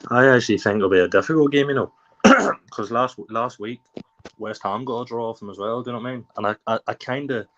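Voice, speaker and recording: A man on a fan panel, talking through his football predictions in a measured way. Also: mid-range voice, a bit bright. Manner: measured, reasoning things through with fillers. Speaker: panel guest. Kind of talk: casual chat. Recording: dull lo-fi call audio.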